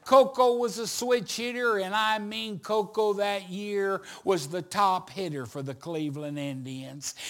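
A middle-aged male evangelist spins a story from the pulpit, his voice unusually high and bright. He takes his time, drawing out the phrases and then rising into shouts. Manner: animated storyteller, builds to shouts. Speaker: evangelist preacher. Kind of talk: storytelling sermon.

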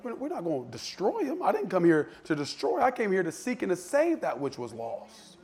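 A male preacher voicing Jesus as a gentle, calm teacher who speaks softly and folksily. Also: high-pitched, brisk, exaggerated voice.

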